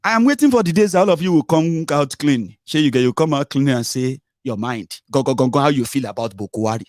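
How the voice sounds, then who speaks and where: A man's voice: medium pitch, animated, quick pace, a little mellow, dry recording, clean studio sound. A man with a Nigerian Yoruba accent, hosting a heated political commentary monologue, scolding and mocking his listeners and mixing English, Pidgin and Yoruba. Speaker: political commentator and show host.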